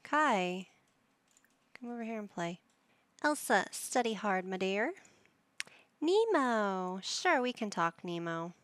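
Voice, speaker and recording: A woman's voice: mid-range voice, very animated, slow, pauses often, fairly bright tone, no room sound. A woman giving casual commentary while playing a life-sim game, coaxing and scolding her characters like a playful parent. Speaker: gaming YouTuber.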